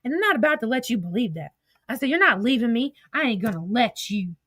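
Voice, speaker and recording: This is a high-pitched woman in casual storytelling mode, reading back old text conversations. She talks bluntly and swears freely, with wry asides between the messages. Her voice sits in a dry, close setting with no room echo. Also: very animated, quick pace, a bit bright. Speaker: commentator recounting drama.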